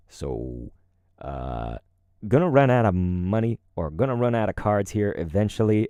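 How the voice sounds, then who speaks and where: A man's voice: on the low side, a little mellow, dry recording, clean studio sound. A man with a cold, chatting and rambling casually to viewers on a live stream. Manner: rambling, chatty, chuckling asides. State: congested and sore-throated from a cold. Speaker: streamer and voice actor.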